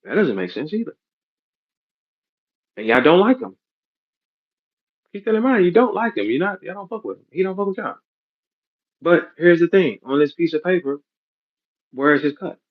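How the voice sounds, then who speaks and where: A man's voice: fairly high pitch, sing-song, normal speed, long pauses. Blunt, profane man with dull audio. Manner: blunt, profane, street slang. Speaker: battle rap league owner. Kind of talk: heated podcast rant.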